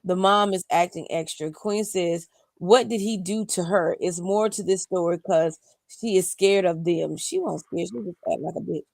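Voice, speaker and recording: A woman with a lowish, gravelly voice reads viewer comments aloud on a live talk stream. She throws in dry, sassy asides between the comments. Her voice sits close and dry, with no room sound. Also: normal speed, darkish tone, dry recording. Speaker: co-host reading viewer comments.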